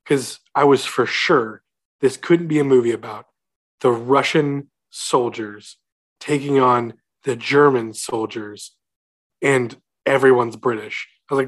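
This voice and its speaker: A man's voice: mid-range voice, a little slow. A young man co-hosting a casual movie chat, sarcastic and incredulous as he picks a film apart. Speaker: podcast co-host.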